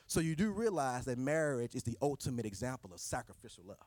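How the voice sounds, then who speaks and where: A man's voice: mid-range voice, big pitch swings, quick pace, few pauses, a little mellow, no echo. A man preaching a sermon, driving points home with repeated rhetorical questions.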